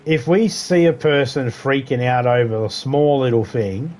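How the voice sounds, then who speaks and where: A middle-aged man rambles through a story in casual chat as he plays a game. His talk is loose and profane, full of asides and restarts, at an ordinary mid pitch. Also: fairly even intonation, a little slow, hardly any pauses, darkish tone. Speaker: game streamer. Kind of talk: casual chat while gaming.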